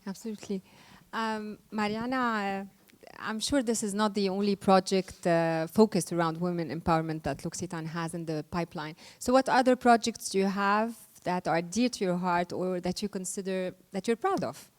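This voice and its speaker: A woman moderating a panel discussion, asking questions in a measured way. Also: medium pitch.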